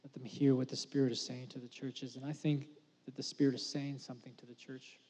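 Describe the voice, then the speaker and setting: A man's voice: mid-range voice, level tone, a little fast, husky, in a large hall. Earnest male pastor preaching. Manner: earnest and conversational, drops to a hush for emphasis. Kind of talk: sermon. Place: church sanctuary.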